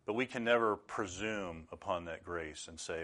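A middle-aged man delivers a sermon, his voice sitting low. He speaks earnestly and with measure, then breaks into sudden loud outbursts. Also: normal speed. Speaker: preacher.

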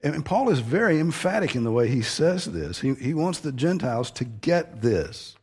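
A man's voice: mid-range voice, very animated, moderate pace, darkish tone, slightly rough. A man preaching an expository sermon, earnest and emphatic, stressing key phrases as he teaches.

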